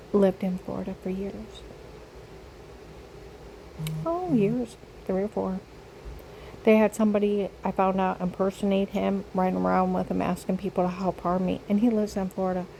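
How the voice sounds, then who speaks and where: Gravelly older woman telling a long story. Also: mid-range voice, mellow, a little hiss or hum, poor audio. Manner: repetitive storytelling. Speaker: vlogger. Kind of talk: rambling personal monologue.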